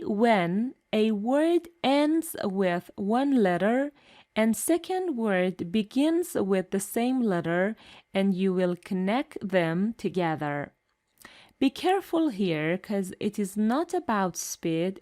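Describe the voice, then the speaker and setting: A woman teaching English pronunciation in a slow, scripted lesson, saying each example word twice with careful enunciation. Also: mid-range voice, dark tone.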